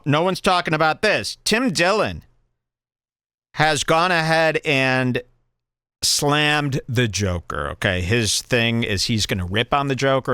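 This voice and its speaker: A man's voice: mid-range voice, a bit bright, no echo. A man hosting a podcast, rambling through opinionated, emphatic casual chat. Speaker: podcast host. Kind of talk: casual chat, movie review.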